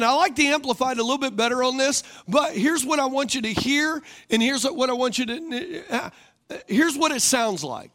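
Male pastor, high voice, sermon style, big on call-and-response. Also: normal speed, sharp tone. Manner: rhetorical, calls for congregation responses; repeats questions for emphasis.

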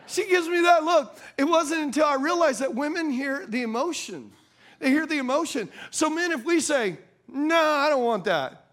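A man's voice: extremely high pitch, moderate pace, fairly bright tone. A man delivering a humorous sermon in a playful, conversational way, often calling out to the audience for agreement. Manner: conversational, drops into folksy slang.

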